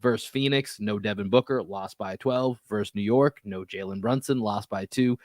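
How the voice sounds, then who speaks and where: A man's voice: lowish voice, a little mellow, no echo, studio quality. Frustrated man hosting a sports podcast. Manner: fast, stumbling restarts, frustrated. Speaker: podcast host.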